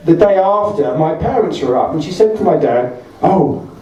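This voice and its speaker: A man tells rambling, self-correcting stand-up stories to a party crowd. His voice sits a little high and comes from some way off the mic. A large hall rings with heavy echo, and a chattering audience is clearly heard behind him. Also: expressive, normal speed, distant mic. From Essex, England. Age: 40s. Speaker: stand-up comedian. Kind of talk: stand-up anecdotes at a birthday party.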